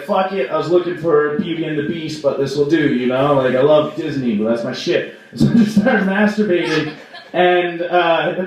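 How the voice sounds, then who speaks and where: A young man performing a rambling stand-up set at an open mic in a small bar, with lots of "like" and mock outrage. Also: on the high side. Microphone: stage microphone. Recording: echoey room, voice from far off.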